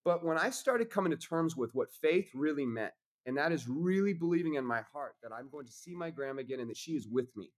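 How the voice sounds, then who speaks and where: A man's voice: on the high side, lively intonation, brisk, hardly any pauses. A man talking as a podcast guest in casual conversation, intense and preachy, swearing freely.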